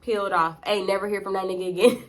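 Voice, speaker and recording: A woman's voice: medium pitch, little pitch movement, quick pace. A young woman, telling a storytime close to the camera in a profane, slangy, dramatic way. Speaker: vlogger. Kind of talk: casual storytime.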